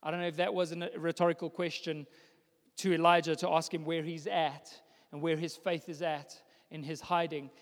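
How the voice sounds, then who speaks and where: A young man preaching a sermon, building from hushed passages to loud declarations. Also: on the high side, flat delivery, normal speed. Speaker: pastor. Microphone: microphone. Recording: long hall reverb.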